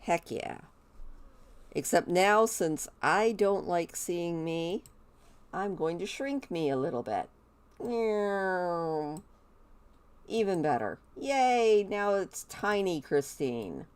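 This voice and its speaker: A woman talking through her game in a chatty, playful way, gushing over the little ones. Her pitch moves around a lot, and she speaks at an unhurried pace. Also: big pitch swings. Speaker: gameplay commentator. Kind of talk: casual game commentary.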